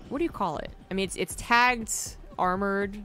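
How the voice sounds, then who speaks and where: An American woman esports caster with a mid-range voice gives casual live game commentary at normal speed. She rambles and corrects herself as she goes, with music playing in the background.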